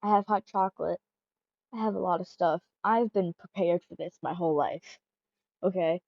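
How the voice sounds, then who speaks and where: A woman's voice: on the low side, moderate pace, vocal fry, dry recording, highs cut off. A woman voicing an awkward, sweet puppet boyfriend who stammers and talks earnestly in a fan audio role-play.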